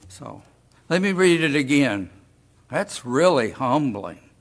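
A man preaching a sermon as pastor, deliberate and full of rhetorical questions to the congregation. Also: mid-range voice, sing-song.

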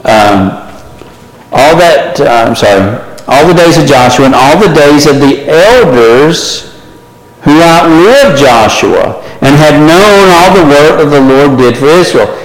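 Man, Bible class teacher, asks the room questions, echoey hall, long reverb. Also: on the high side. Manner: conversational, asks the class questions, frequent "right?". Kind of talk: Bible study lesson.

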